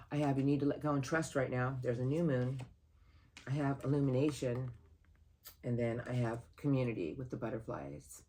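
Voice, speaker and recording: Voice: medium pitch, darkish tone. A tarot card reader giving a monthly horoscope reading in an earnest, heartfelt, rambling way.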